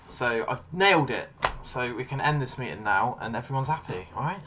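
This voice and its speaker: A male podcast host keeps the chat loose with jokey, self-deprecating banter. His voice sits at an ordinary middle pitch for a man. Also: expressive, fairly quick, sharp tone, a little hiss or hum. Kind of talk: casual interview chat.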